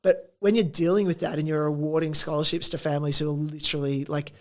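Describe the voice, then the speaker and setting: A woman in her forties with an Australian accent, telling stories in a casual interview, animated and full of acted-out quotes. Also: deep voice, quick pace. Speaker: interview guest, entrepreneur.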